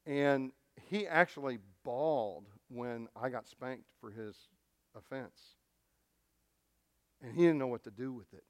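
A man's voice: medium pitch, a little slow, darkish tone, no room sound, studio quality. A middle-aged male pastor preaching a sermon, telling a family story in an earnest, storytelling way with frequent restarts.

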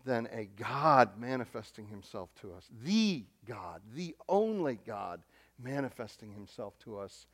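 Male pastor, mid-pitched voice, excitable sermon delivery with loud peaks and hushed asides, repeats words. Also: unhurried.

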